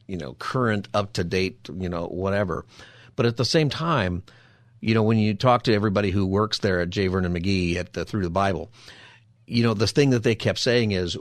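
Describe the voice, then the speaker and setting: Man, pastor radio host, low voice, dry studio sound, earnest conversational. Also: no room sound. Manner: earnest, conversational, repeats phone number. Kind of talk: call-in radio talk.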